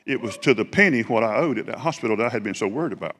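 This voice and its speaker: Southern preacher telling a testimony in a hall. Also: male voice, medium pitch, very fast. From South Georgia, USA. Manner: animated storytelling, building to fervent praise. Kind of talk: testimony sermon. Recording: reverberant hall.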